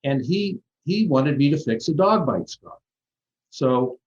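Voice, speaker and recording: A man's voice: mid-range voice, big pitch swings, unhurried. Middle-aged man, surgeon guest, rambling storyteller, frequent restarts, muffled lo-fi sound. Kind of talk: conversational interview storytelling. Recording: dull lo-fi audio.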